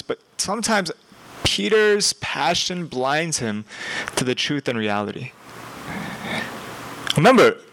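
A man's voice: on the high side, a little hiss or hum, rough recording. Conversational young male preacher. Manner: conversational, animated, with laughs and emphatic repetition. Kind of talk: sermon.

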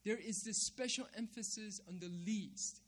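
A man's voice: high voice, normal speed. A man preaching a sermon, emphatic, repeating key phrases and checking in with "right?". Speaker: pastor.

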